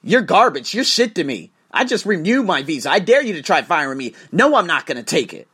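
A man hosting a podcast, talking as a teacher in a profane, ranting, animated manner. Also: on the high side, brisk, breathy edge. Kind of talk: casual monologue podcast.

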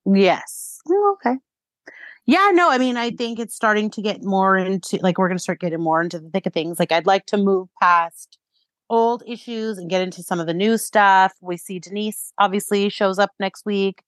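Female podcast co-host, mid-pitched, hesitant and reflective, dry close mic. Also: normal speed, no room sound. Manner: thoughtful, hesitant, many fillers. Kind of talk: casual reality TV chat.

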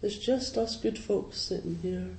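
Slow Scottish man giving a dharma talk. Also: high-pitched, gravelly, a little hiss or hum. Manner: slow, gently humorous, reflective. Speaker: Zen Buddhist teacher. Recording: roomy hall with faint ambience.

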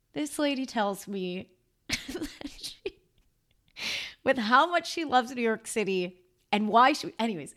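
A woman in her thirties hosting a podcast, telling a rambling story in a chatty, animated way full of fillers and asides. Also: on the high side. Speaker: podcast host. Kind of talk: casual storytelling monologue.

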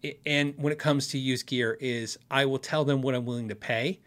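A man's voice: medium pitch, fairly even intonation, normal speed, fairly bright tone. A man hosting a casual livestream, answering viewer questions in a friendly, frank way and laughing often.

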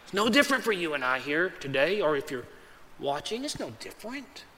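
A man with a high, light voice preaches a sermon in a casual, conversational style, calling his listeners "man" and slipping into quick acted voices. His voice rings out in a big church hall with a long reverb tail. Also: very animated, sharp tone, a little hiss or hum. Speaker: pastor.

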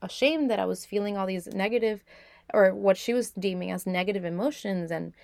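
A woman's voice: mid-range voice, brisk, creaky, a little mellow, dry recording. Young woman, podcast host, candid and reflective storytelling, lots of "like", dry sound. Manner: candid, reflective, with frequent "like" fillers. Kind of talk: personal storytelling.

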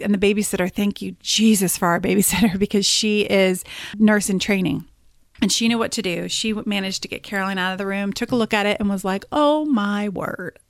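A woman in her thirties talks casually on her own podcast, telling stories with lots of energy and frequent laughs. Her voice sits in a middle range. The sound is dry and close, with no room echo. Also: medium pitch. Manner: animated storytelling with laughs. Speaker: podcast host and business coach. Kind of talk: casual solo podcast talk.

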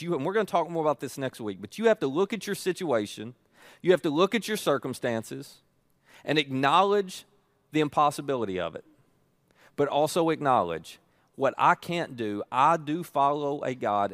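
A man's voice: medium pitch, no echo. Middle-aged male pastor, emphatic sermon delivery, mid-range voice, dry recording. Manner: earnest, emphatic preaching with repeated phrases.

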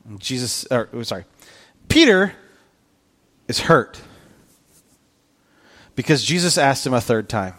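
A man preaching a casual, storytelling sermon, acting out scenes and dropping into hushed tones for weight. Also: mid-range voice, sing-song, unhurried, pauses often. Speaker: pastor.

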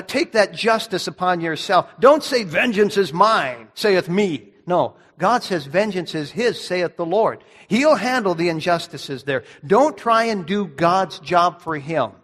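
A man with a high-pitched voice delivers an emphatic sermon, putting rhetorical questions to his congregation. His words ring out with a long reverb through a church hall. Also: a bit bright. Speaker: pastor.

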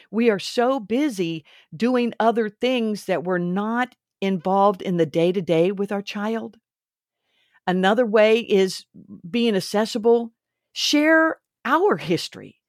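A woman's voice: mid-range voice, dry recording, studio quality. A woman hosting a faith and parenting podcast, talking earnestly and instructively, a little preachy. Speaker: podcast host. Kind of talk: faith-based parenting talk.

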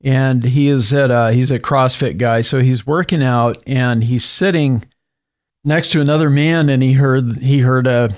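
A man's voice: mid-range voice, unhurried. A man, an author being interviewed, telling a story conversationally and acting out what people said. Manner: animated retelling with acted quotes and laughs. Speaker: author and guest.

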